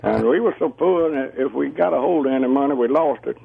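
Man, radio caller, gravelly, husky, easygoing, tinny phone line. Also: medium pitch. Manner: easygoing, chuckling, halting. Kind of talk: casual phone chat. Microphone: telephone.

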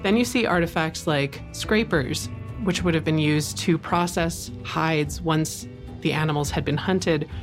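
A woman's voice: sits low, unhurried, faint music behind. A woman explaining in a documentary interview, engaged and emphatic.

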